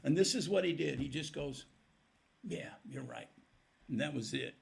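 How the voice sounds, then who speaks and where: Gravelly older man telling stories. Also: fairly high pitch, normal speed. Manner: animated storyteller acting out quoted dialogue. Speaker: guest musician. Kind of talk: storytelling in a podcast interview.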